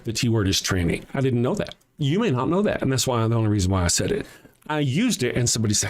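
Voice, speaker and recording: A man's voice: on the low side, expressive, quick pace, slight background noise. An older man with a Southern US accent hosting a casual livestream, reading viewer comments aloud in a blunt, profane way and chuckling often. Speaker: livestream host.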